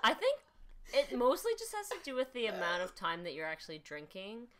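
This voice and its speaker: A woman's voice: on the high side, huge pitch swings, a little fast, a crowd in the background. A woman co-hosting a podcast, blunt and casual, swearing freely. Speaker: podcast co-host. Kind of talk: casual chat.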